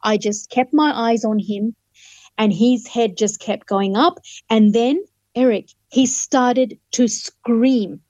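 Here a human rights lawyer from Fiji, a woman, is a guest in an interview recounting her faith testimony, earnestly acting out each exchange as a vivid storyteller. Her pitch is fairly high, her pace slow, and her voice a little mellow. The recording has no echo, with the highs cut off.

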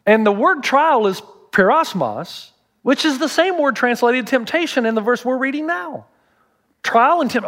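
A man's voice: extremely high pitch, fairly bright tone. A middle-aged man, a pastor preaching a sermon with humorous storytelling.

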